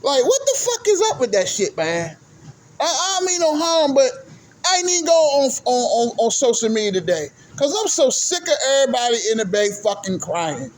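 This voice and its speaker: High-voiced man ranting casually. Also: normal speed. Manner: profane, animated, repeats "right?". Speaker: vlogger, sports commentator. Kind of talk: casual ranting sports talk. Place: sitting at home doing laundry.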